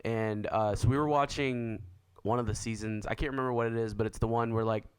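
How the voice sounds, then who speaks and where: A man's voice: on the low side, steady tone, fairly quick, clear, resonant tone. A young man co-hosting a podcast, telling stories in casual chat and often laughing. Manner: laughing storyteller, voices others in quotes. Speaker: podcast co-host.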